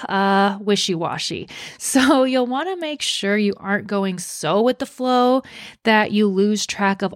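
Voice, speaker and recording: A woman's voice: medium pitch, no room sound, clean studio sound. A young woman hosting a podcast, reading a script in an upbeat way with playful asides. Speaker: podcast host.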